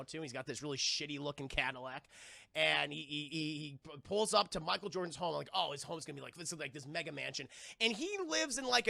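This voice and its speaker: Animated, gravelly man ranting about a film. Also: fairly high pitch, no echo. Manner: profane, animated, lots of restarts. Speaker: film reviewer and streamer. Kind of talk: casual live-stream spoiler review.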